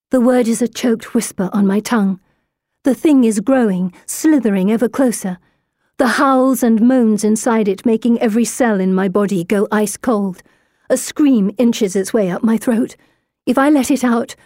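A woman narrating a first-person novel aloud, expressive and dramatic, rising into tense urgency. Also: on the high side, dry recording, clean studio sound. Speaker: audiobook narrator.

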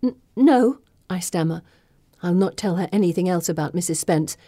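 A woman narrating a first-person audiobook in a steady, intimate storytelling manner. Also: fairly low pitch, brisk, no room sound, clean studio sound.

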